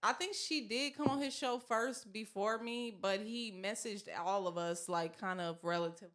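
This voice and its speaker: A woman's voice: medium pitch, normal speed, fairly bright tone. A woman in her thirties with a Southern US accent, chatting casually as a podcast guest, rambling with many fillers and restarts. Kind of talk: casual chat.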